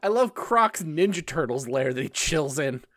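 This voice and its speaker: A man's voice: on the high side, animated, normal speed, a bit bright, no room sound, clean studio sound. A man co-hosting a podcast in casual chat, tossing off playful one-liners. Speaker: podcast co-host.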